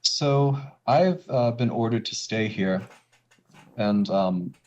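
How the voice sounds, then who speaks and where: A man plays a calm ninja commander in a tabletop game. The voice sits fairly low and comes through slightly dull, lo-fi audio. He speaks in a measured way, with hesitant pauses. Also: slight background noise. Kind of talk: game master voicing a character.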